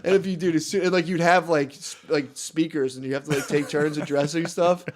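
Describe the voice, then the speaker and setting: A man's voice: on the high side, fairly even intonation, brisk. A young man co-hosting a podcast, telling rambling stories in casual chat, laughing often and swearing heavily. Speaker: podcast co-host.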